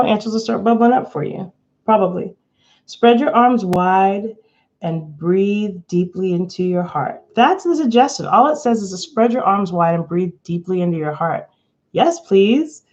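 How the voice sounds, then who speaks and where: A woman's voice: medium pitch, darkish tone. A chatty woman hosts a live tarot and pendulum session, giggling and rambling as she talks to her viewers. Her voice sits in an ordinary middle range. The stream audio is a bit dull and lo-fi. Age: adult, not under eighteen. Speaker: tarot reader. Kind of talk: casual live-stream chat. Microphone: webcam or phone, camera from below.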